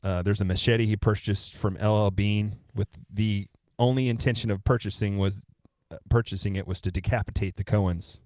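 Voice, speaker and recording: A man with a very low voice tells a true-crime story casually on a podcast. The sound is dry and close, with no room around it. He co-hosts and sometimes swears. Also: normal speed, hardly any pauses, no room sound. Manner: relaxed, profane, retells events step by step. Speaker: podcast co-host.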